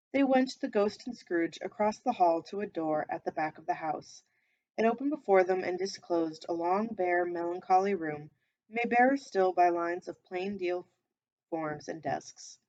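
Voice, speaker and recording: A woman reading a classic novel aloud in an even, measured storytelling manner, stopping now and then to comment. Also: on the low side, muffled recording. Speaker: reader.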